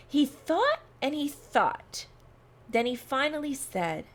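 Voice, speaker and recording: A woman reading a rhyming picture book aloud for listeners, in a sing-song storyteller manner. Her voice is fairly high and very lively in pitch, and she reads at a very slow, deliberate pace. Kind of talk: read-aloud storybook narration.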